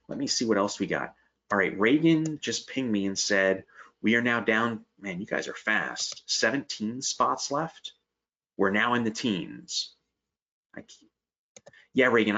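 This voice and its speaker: A webinar host with a slight Pennsylvania Dutch accent and a low, slightly bright voice runs a live sales pitch and Q&A, chatting upbeat and answering viewer questions. The webinar audio is dull and lo-fi.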